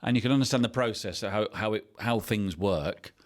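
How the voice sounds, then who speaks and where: A man's voice: on the low side, a little fast. An English man in his fifties, a company CEO telling his career story as a podcast guest in a chatty, anecdotal way. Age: 50s.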